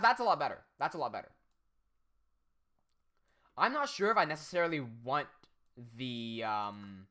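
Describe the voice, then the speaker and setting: A man's voice: on the high side, sharp tone. A man live-streaming his 3D animation work, rambling and thinking aloud with frequent laughs, recorded on his own desk microphone at home. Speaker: 3D animation livestreamer. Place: home setup in Australia.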